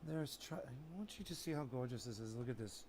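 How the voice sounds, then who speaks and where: A man's voice: mid-range voice, lively intonation, brisk, darkish tone, slight background noise. A man casually narrating a vlog while trimming plants, theatrical and teasing as he bickers with someone off camera.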